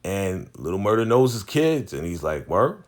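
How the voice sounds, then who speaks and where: Male recapper, low register, animated retelling with quick character voices. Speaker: TV recap vlogger. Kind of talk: casual episode recap, retelling scenes.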